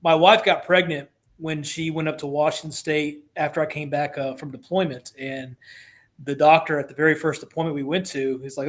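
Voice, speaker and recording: A man's voice: on the high side, steady tone, a little fast. Texan man with a light twang. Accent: light West Texas twang. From West Texas. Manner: earnest storyteller, many restarts. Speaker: guest, Navy veteran. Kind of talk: conversational interview.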